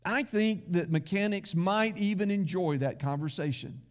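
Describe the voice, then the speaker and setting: A man's voice: sits high, moderate pace. A man pastor preaching a sermon in a folksy, conversational way, with asides to the congregation.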